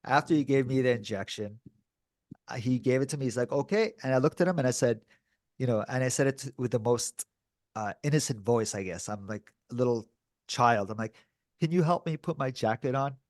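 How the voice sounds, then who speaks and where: A man's voice: medium pitch, brisk, dry recording. A man co-hosting a podcast and telling a story in casual chat, with a mid-range voice. He acts out the other people's lines and often throws in dude and bro. The sound is close and dry. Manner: animated, acts out quoted dialogue. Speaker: podcast co-host.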